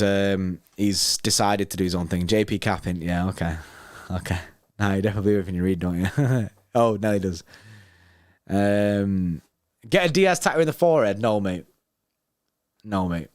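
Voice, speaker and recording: A man's voice: on the low side, no echo, clean studio sound. A young man hosting a football watchalong stream, chatting casually and joking as he reads out chat messages. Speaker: watchalong host reading live chat.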